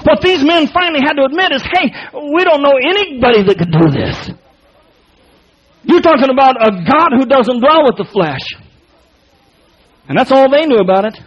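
A man preaching a sermon, explaining a Bible passage in an emphatic, folksy way with repeated words and quick restarts. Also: very high-pitched, expressive, breathy edge, lo-fi sound.

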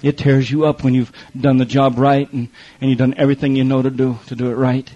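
With a warm, level mid-range voice and a brisk pace, a middle-aged man preaches a folksy testimony sermon. He narrates stories and acts out the characters through quoted voices and repetition. The clip sounds muffled and lo-fi.

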